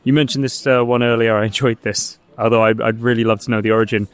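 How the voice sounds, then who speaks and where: Hosting a book podcast, a man interviews his guest in a casual chat, quizzing him with a light, laughing manner while recorded outdoors beside a street. He talks fast with a mid-range, fairly even, clear, and resonant voice.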